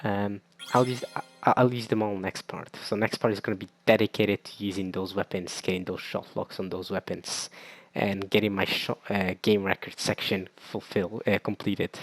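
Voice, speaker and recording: A young man giving casual let's-play commentary, excitable and stammering, repeating himself as he talks. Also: fairly low pitch, moderate pace. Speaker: gaming video creator.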